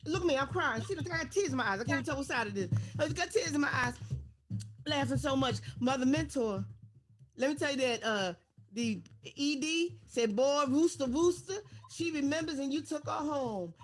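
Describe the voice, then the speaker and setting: A woman emceeing an online storytelling concert, exuberant and fast, hyping up the audience. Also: high-pitched, expressive. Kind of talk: energetic event hosting.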